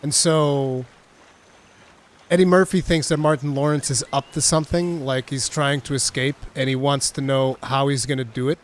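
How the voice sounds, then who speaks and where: A man's voice: mid-range voice, steady tone, moderate pace. A man in his thirties streaming a video game, chatting casually, laughing often and swearing freely. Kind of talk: casual gameplay commentary.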